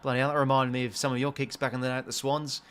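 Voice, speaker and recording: A young Australian man calls a football match live from home as it unfolds on screen. He talks in a casual, running commentary with sudden excited bursts, offhand swearing and a self-mocking streak. His pitch sits in the middle for a man. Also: rapid-fire, clean tone. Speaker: watch-along host.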